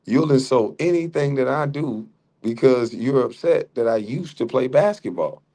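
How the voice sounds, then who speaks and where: A man's voice: medium pitch, animated, moderate pace, mellow. A middle-aged man hosting a livestream, arguing heatedly with a rival and mocking him with frequent laughs. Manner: mocking, combative, laughs often. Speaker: livestream host.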